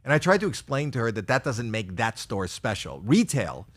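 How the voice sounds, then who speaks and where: A man's voice: mid-range voice, sing-song, moderate pace. A man in his sixties performing a stand-up routine for a virtual audience, telling rambling, self-deprecating stories with stammered restarts. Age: 60s. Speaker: stand-up comedian.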